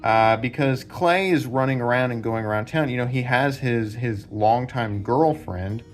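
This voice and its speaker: A man's voice: mid-range voice, a little slow. Male book-channel host, casual lecturer, lots of "you know", mid-range voice, faint guitar bed. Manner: rambling, filler-heavy, sketches diagrams while talking. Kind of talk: casual explanatory talk at a whiteboard.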